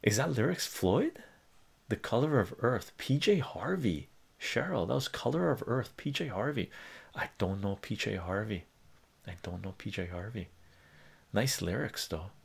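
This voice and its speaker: Gravelly low-voiced man chatting on stream. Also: lively intonation, normal speed. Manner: rambling and conversational, many fillers and restarts, reads lyrics aloud. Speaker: live stream host. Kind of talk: casual live-stream chat, reading chat messages.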